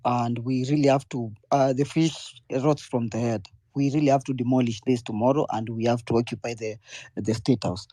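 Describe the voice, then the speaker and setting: Blunt, dark-voiced Kenyan man. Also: mid-range voice, fairly even intonation, moderate pace, no room sound. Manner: blunt, defiant. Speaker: speaker in an online audio space. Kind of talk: protest speech.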